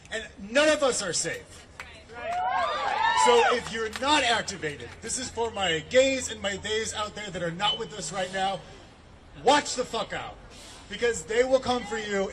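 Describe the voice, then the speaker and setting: A man giving an angry, profane protest speech outdoors, shouting and laughing as he rants. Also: sits high. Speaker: protest rally speaker, labor organizer. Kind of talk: impassioned rally speech. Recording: distant mic, loud crowd noise. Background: loud crowd and street noise.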